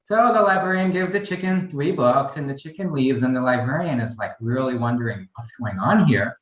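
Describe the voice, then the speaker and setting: A man's voice: medium pitch, lively intonation, brisk. Middle-aged man, chatty guest, rambling storyteller, roomy echo, dull lo-fi sound. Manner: chatty, rambling, telling a joke with acted bits. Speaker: guest, garden vice president. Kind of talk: casual interview chat.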